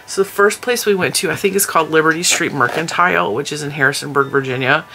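A woman's voice: low-pitched, fast, hardly any pauses, pushed and bright, slight background noise. A woman vlogger chatting casually to the camera at home, telling family stories with lots of laughter, tired and yawning. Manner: chatty storyteller, laughs often. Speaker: crochet vlogger.

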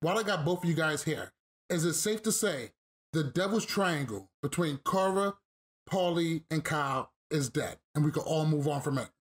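A man hosting a casual podcast interview, asking relaxed questions to keep the talk moving. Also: a little high, moderate pace. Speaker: podcast host.

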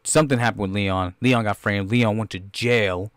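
A man hosting a podcast, reacting casually to a movie trailer in a rambling, excitable, profane way. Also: on the low side, normal speed, clear, resonant tone, dry recording, clean studio sound. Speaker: podcast host.

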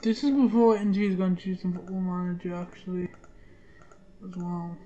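A woman's voice: lowish voice, fairly even intonation, normal speed, mellow, highs cut off. A woman giving casual let's-play commentary, rambling and muttering to herself and swearing now and then. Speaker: gaming channel host.

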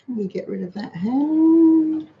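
A woman's voice: high voice, expressive, takes it slowly, narrow, tinny audio. A middle-aged woman hosting a casual live chat, practical and talkative as she answers viewers. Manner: chatty, practical, reads out viewer comments. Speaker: host of a money-saving livestream.

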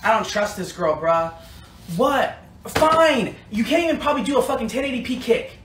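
A man's voice: high voice, expressive, fast talker, reverberant, background noise. A man performing comedy POV skits, playing every part himself in a bratty, whiny, sarcastic teen-girl manner. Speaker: comedy skit creator.

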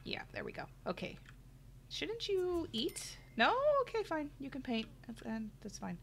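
A woman's voice: a little high, big pitch swings, brisk, gravelly, a bit bright. A middle-aged woman giving chatty let's play commentary, talking to her viewers and exclaiming at the game. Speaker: gaming channel host. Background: faint game music.

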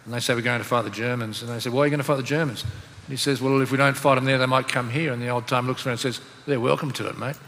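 A man's voice: mid-range voice, steady tone, very fast, hardly any pauses, fairly bright tone. An Australian man moderating a panel discussion, easygoing and fond of telling anecdotes. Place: conference hall. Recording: reverberant hall with faint room noise.

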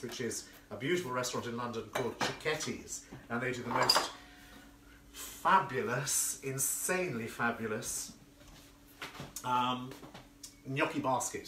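A florist hosts a live cooking stream from his home kitchen, a camp, effusive, chatty man with a mid-range voice who reads viewer comments aloud. He sits a bit off-mic in the echoey room, and dishes and cutlery clink amid the noisy background.

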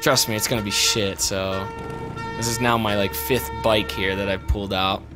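A man's voice: lowish voice, steady tone, moderate pace, music in the background. A young man streaming a video game, swearing, laughing and chatting with a friend. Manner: profane, laughing, exclaiming at the game. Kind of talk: casual gaming chat with a friend. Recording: noisy stream audio.

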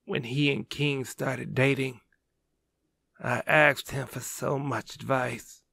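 A man playing a dying gentle swordsman. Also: medium pitch, fairly even intonation, takes it slowly, heavily acted. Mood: tender. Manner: soft, hushed and breathy. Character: dying young male swordsman, gentle and loving.

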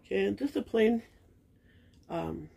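This middle-aged reborn doll collector hosts her own channel and chats casually with viewers during an unboxing, gushing sentimentally over baby clothes with plenty of fillers. Her mid-range voice is expressive and unhurried, dark in tone with vocal fry and a breathy edge.

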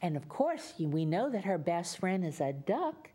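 A woman's voice: lowish voice, sing-song, normal speed, dark tone, slightly rough. A woman from Louisiana with a Louisiana accent, reading a story aloud to young children in a sing-song, coaxing way.

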